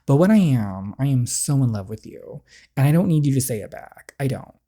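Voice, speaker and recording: A reader voicing a heartbroken teenage girl confessing love, in a soft, hesitant, pleading way, reading a story game aloud. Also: medium pitch, very animated, brisk.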